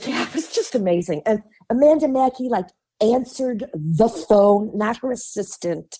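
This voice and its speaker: A woman from Chicago with a Midwestern accent, a guest on a podcast, telling chatty and animated stories, laughing often and acting out the voices of people she quotes. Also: a little high, moderate pace, a little hiss or hum. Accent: Midwestern American. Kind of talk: casual interview storytelling.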